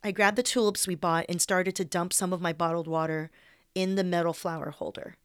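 A woman's voice: on the low side, fairly even intonation, fairly quick, smooth, no echo, clean studio sound. A young woman reading her personal essay aloud in a candid, wry way, with some swearing.

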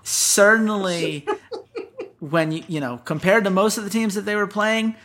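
A man whose voice sits high and holds a steady tone co-hosts an esports analysis show, talking through a team's weaknesses in a brisk, emphatic, casual way. He throws questions to his co-host over the noise of a loud crowd.

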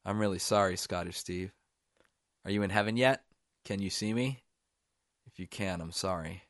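A man's voice: normal speed, dry recording, clean studio sound. A man voicing a simple-minded, childlike young man who whines and pleads in a raised voice. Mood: apologetic. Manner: whiny, pleading, higher and louder.

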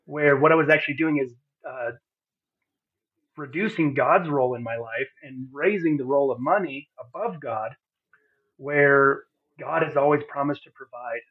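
With a slightly rough, medium-pitched voice at a moderate pace, a man earnestly shares his personal testimony as a podcast guest. He is heartfelt but uses many fillers and restarts, and the recording sounds narrow, like a phone call.

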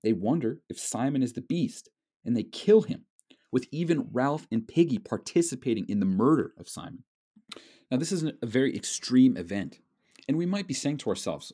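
A man lecturing on a novel in a measured, explanatory way, with frequent fillers. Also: medium pitch, animated, warm tone, slightly rough. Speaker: literature lecturer. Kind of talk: recorded lecture.

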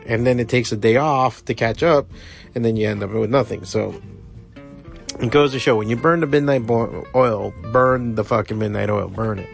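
A man's voice: lowish voice, moderate pace, gravelly, soft background music. A middle-aged man with a Miami accent hosting his own podcast from his studio, rambling and swearing casually. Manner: rambling, profane, self-deprecating. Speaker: podcast host and comic shop owner. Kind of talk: casual solo podcast talk.

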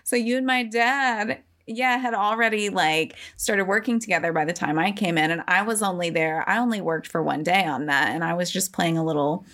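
A woman's voice: fairly low pitch, moderate pace, hardly any pauses, a bit bright. A young woman interviewing a guest, asking loose, chatty questions full of fillers. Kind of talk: casual interview.

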